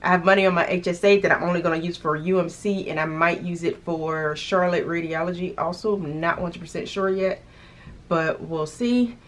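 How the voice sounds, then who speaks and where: Chatty woman vlogger, slightly low voice. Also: fairly even intonation, fairly quick. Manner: chatty, thinking aloud with restarts and little laughs. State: hiccups. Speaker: budgeting vlogger. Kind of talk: casual vlog talk to camera.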